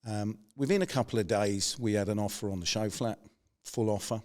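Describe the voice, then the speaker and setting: A man middle-aged podcast host, fairly low voice, brisk storyteller who plays out the people in his anecdotes. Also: darkish tone. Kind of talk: conversational anecdote.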